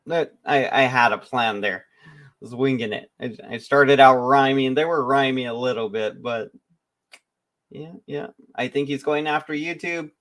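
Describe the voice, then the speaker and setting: A man's voice: medium pitch, normal speed, a bit bright. A man in the middle of his range, riffing casually as a stream host. He rambles, jokes and stops himself mid-thought while reacting to a clip. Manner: rambling, joking, self-interrupting. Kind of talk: casual commentary.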